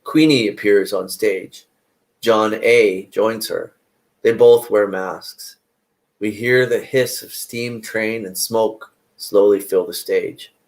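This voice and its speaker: A man's voice: lowish voice, steady tone, takes it slowly, low-quality recording. A man, the playwright, reading the stage directions of his own play in a plain, matter-of-fact way.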